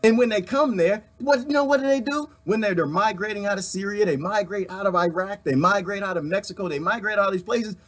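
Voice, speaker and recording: A man's voice: high-pitched, quick pace, hardly any pauses, a bit bright. A man from the United States hosting a live stream, fired up and preachy as he talks straight to his viewers and reads their comments.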